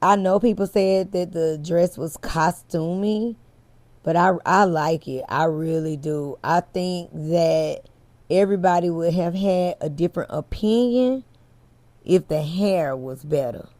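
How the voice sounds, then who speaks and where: Slow, candid chatty woman host. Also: fairly low pitch, warm tone, no echo. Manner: candid, chatty, swears freely, addresses viewers directly. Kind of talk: casual commentary chat to viewers.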